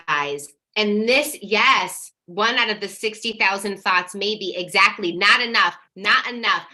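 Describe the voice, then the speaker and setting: A woman hosting a live online coaching workshop, energetic and encouraging as she reads out viewer comments and affirms each one. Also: mid-range voice. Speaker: workshop host.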